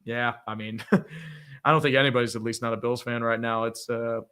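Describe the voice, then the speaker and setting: A man's voice: medium pitch, flat delivery, bright, forceful tone, smooth. A man hosting a casual live reaction stream, reading viewer donations and giving blunt, profane opinions. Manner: blunt and profane, quick opinions, frequent laughs.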